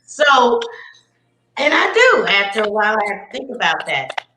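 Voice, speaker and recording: A woman hosting a casual talk show, blunt and animated, laughing often as she talks. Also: medium pitch, normal speed, reverberant, noisy background. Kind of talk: casual chat.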